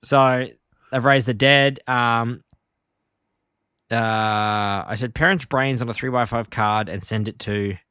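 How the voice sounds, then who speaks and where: A man in a casual podcast chat, loosely retelling episode plots and filling his pauses with ums and uhs. His voice sits at an ordinary middle pitch. The sound is dry and close, with no room echo. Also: steady tone, sharp tone, clean tone. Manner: rambling retelling of episode plots, many fillers. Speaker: podcast co-host.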